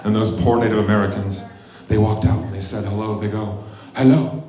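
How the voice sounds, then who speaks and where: A man in his forties doing a crude, self-mocking stand-up set on a comedy club stage, breaking into shouted bits. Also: on the low side, completely flat delivery, a little fast. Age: 40s. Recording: roomy club with loud crowd. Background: audience laughter.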